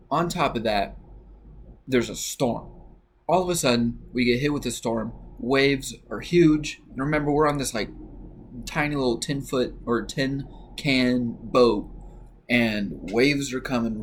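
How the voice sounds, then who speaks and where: A man's voice: mid-range voice, measured pace, a little hiss or hum. A young man casually telling a personal work story, rambling with lots of "like" and "you know" fillers. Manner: relaxed, rambling with many fillers.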